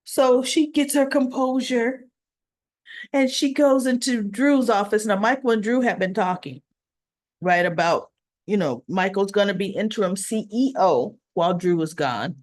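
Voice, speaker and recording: A woman's voice: medium pitch, unhurried, darkish tone, no echo. A woman hosting a casual recap, retelling scenes with acted-out quotes and chatty asides. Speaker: soap opera recap host.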